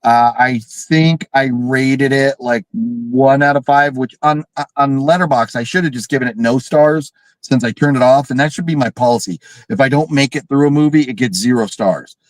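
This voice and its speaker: A man co-hosting a horror film livestream, talking casually and excitedly, swearing and mimicking characters. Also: mid-range voice, no echo, low-quality recording. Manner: animated, swearing, mimics characters with big shrieks. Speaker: podcast co-host reviewing horror films.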